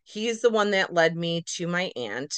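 A middle-aged woman, a nurse practitioner, telling her story as a podcast guest in a lively, casual way, acting out her own reactions. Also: lowish voice, measured pace, clear, resonant tone, dry recording. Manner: animated, acts out her own reactions in quotes.

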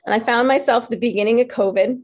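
A woman life coach giving a motivational talk, earnest and animated as she tells stories. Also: a little high, quick pace.

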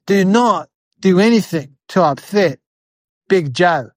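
A woman's voice: medium pitch, lively intonation, brisk, no echo, clean studio sound, close to an everyday voice. A woman voicing a nervous grown-up farmer uncle who gives stern, urgent warnings.

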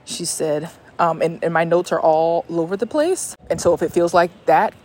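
Lower-pitched woman telling a story casually. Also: moderate pace. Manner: animated, swears freely, restarts sentences. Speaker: podcast host. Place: walking outdoors.

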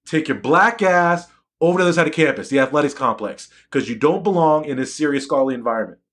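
A man's voice: fairly high pitch, quick pace, a bit bright. Emphatic man giving a preachy live talk. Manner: emphatic, preachy, repeats phrases. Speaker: educator and physician. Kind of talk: live-streamed motivational talk.

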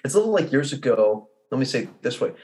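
A man of middle pitch speaks as a guest on a podcast. He tells stories with energy, acting out each person's lines as he goes. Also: fast talker. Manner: animated storyteller who acts out the people in his anecdotes. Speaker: results coach, podcast guest. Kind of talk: conversational interview.

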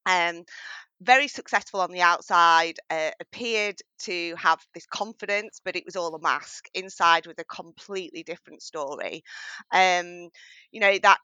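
A woman's voice: lowish voice, normal speed, bright, forceful tone, clear, resonant tone, dry recording, low-quality recording. A middle-aged woman from northwest England with a strong northern English accent, telling her story as a podcast guest in an upbeat, earnest way. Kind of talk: interview conversation.

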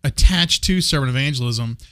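A man's voice: mid-range voice, brisk, a bit bright, no echo, clean studio sound. A man in casual conversation, speaking with passion and emphasis, often repeating words as he builds a point. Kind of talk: casual faith discussion.

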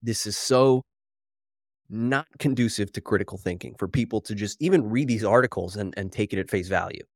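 A man's voice: on the low side, a little fast, dry recording, clean studio sound. Wired, wry male podcast host. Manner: animated, wry, worked up, reading headlines aloud. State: slightly out of breath from caffeine. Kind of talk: solo podcast commentary.

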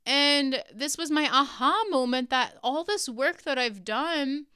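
Bright, lively woman telling a story. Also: high voice, takes it slowly, dry recording, clean studio sound. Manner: animated, laughs often, swears casually. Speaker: podcast host. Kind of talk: personal storytelling.

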